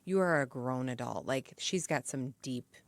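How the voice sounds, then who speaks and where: A woman's voice: a bass voice, moderate pace. A woman co-hosting a casual true-crime podcast, giving emphatic opinions and personal stories. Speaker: podcast co-host.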